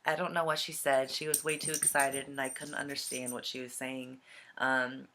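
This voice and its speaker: A young man vlogging casually from home, with a slightly scratchy, gravelly voice and a hesitant way of talking full of ums. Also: medium pitch, little pitch movement, moderate pace, pushed and bright. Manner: hesitant, many ums and trailing thoughts. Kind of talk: casual vlog chat. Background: dog and cat noises.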